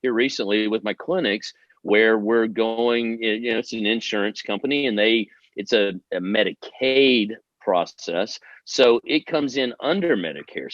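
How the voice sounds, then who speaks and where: A man's voice: lowish voice, fairly bright tone, no room sound. Man on a dull, dry remote line. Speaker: podcast co-host. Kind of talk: casual chat.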